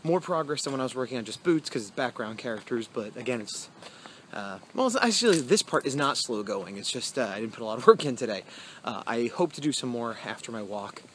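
A man's voice: mid-range voice, lively intonation, brisk, a bit bright, a little hiss or hum. A man vlogging casually outdoors on an evening walk, rambling and self-deprecating, with many fillers. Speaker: comic artist vlogger. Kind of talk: casual vlog talk.

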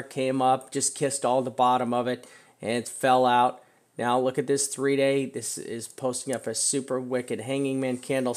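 A man giving casual, emphatic commentary on market charts, often checking in with "right?" and venting frustration now and then. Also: mid-range voice. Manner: chatty, emphatic, keeps asking "right?"; frustrated outbursts. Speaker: crypto chart analyst. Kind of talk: screen-share market commentary.

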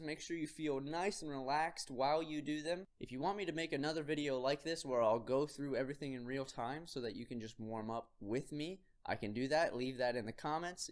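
Man coaching vocal warm-ups. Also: medium pitch. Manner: upbeat, direct instructions. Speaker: singing teacher.

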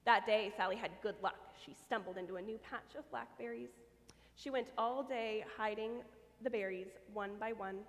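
A woman reading a children's story aloud at a church service, expressive and lively. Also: medium pitch, normal speed. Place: church sanctuary. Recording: long church reverb.

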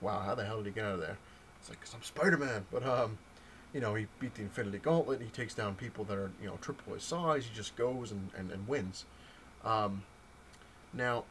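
A man casually talking through a comic book storyline, rambling with frequent ums and restarts and animated retellings. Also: fairly low pitch, slight background noise, low-quality recording. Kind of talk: casual comic review talk.

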